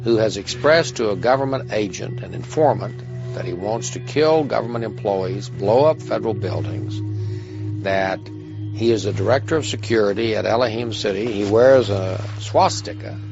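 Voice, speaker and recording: A man working as a defense attorney, deliberately building a case in a documentary interview. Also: lowish voice, gravelly, lo-fi sound. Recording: documentary clip with music underneath.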